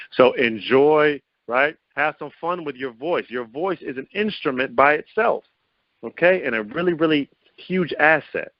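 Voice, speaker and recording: A man hosting a confidence coaching call, speaking in an upbeat way, asking his listeners many rhetorical questions and swinging his pitch up and down as he talks. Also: normal speed, no room sound. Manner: lively pitch swings to show vocal variety. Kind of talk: motivational teleconference talk. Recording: dull lo-fi phone-call audio, dry.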